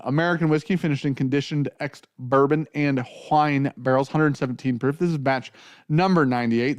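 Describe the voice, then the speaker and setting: A man's voice: fairly high pitch, moderate pace, no echo, clean studio sound. A man hosting a casual whiskey tasting, talking in a loose, joking way with plenty of swearing. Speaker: whiskey show host.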